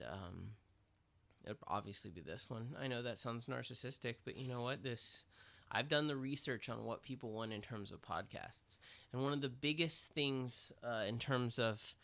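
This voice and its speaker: A man co-hosting a podcast, rambling through an absurd deadpan mock apology. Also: mid-range voice, a little slow. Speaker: podcast co-host. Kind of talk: absurd comedy monologue.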